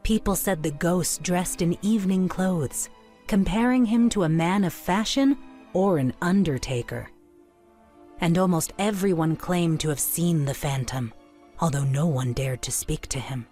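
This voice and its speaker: A woman narrating a children's storybook in a clear, measured storytelling manner. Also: fairly low pitch, dark tone, faint music behind.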